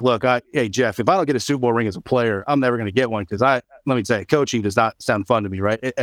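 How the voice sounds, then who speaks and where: Middle-aged man, guest on a video call, rapid animated storyteller, dry close sound. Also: medium pitch, dry recording. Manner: animated, quick storyteller acting out dialogue. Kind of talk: storytelling in an interview.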